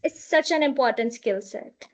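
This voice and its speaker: A woman's voice: fairly high pitch, moderate pace, a little mellow. A young adult woman hosting an interview podcast, enthusiastic and affirming, often chiming in with agreement. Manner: enthusiastic, affirming, frequent backchannels. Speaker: podcast host. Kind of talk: conversational interview. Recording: slightly dull, lo-fi sound.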